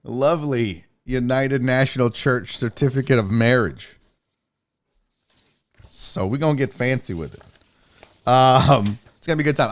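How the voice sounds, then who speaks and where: A man hosting a sports livestream, talking casually and firing off quick shout-outs to viewers in the chat. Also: medium pitch. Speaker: sports show host.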